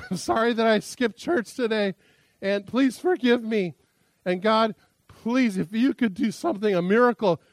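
A man doing a panicked preacher praying loudly. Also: high voice, a little slow, dry recording, voice pushed up. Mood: pleading. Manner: frantic pleading prayer, rising to shouts. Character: panicked injured male preacher begging God.

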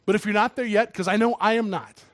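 A man preaching a sermon who reads scripture aloud and then drops to a hushed, emotional voice. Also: high-pitched, quick pace, no room sound. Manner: emotional, swings from loud reading to hushed intimate words. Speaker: preacher and church drummer.

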